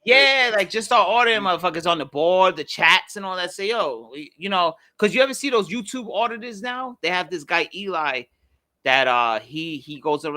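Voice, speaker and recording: A man talks in loose, animated podcast banter, his voice bright and forceful. He sits slightly high for a man and swears freely as he riffs. The sound is close and dry, with no room around it. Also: no room sound. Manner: animated, swears freely, puts on mock accents for jokes. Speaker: podcast co-host. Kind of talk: casual chat.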